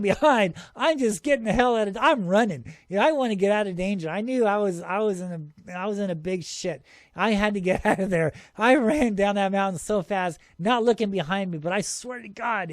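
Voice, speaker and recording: A man hosting a show and telling his own story in a casual, excitable way. He laughs often and keeps saying "dude.". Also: high-pitched, no room sound, studio quality.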